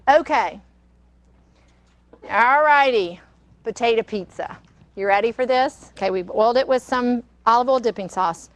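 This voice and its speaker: Chatty older woman, somewhat high voice. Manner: chatty, rambling storyteller. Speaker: cooking show host. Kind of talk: casual cooking demonstration. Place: kitchen studio.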